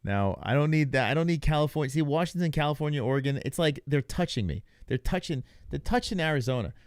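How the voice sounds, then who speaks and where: A man's voice: a little high, lively intonation, fast, a little mellow, clean tone, no room sound, clean studio sound. A young man hosting a live stream, reacting to results in loose, joking chatter and talking to his chat. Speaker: livestream host. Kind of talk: casual live reaction commentary.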